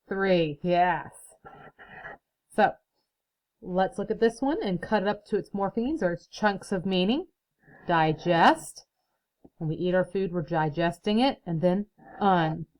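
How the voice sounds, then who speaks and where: Slow, patient woman teaching young children. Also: on the low side, darkish tone, rough recording. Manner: patient, explains slowly, claps out syllables. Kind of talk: recorded phonics lesson for children.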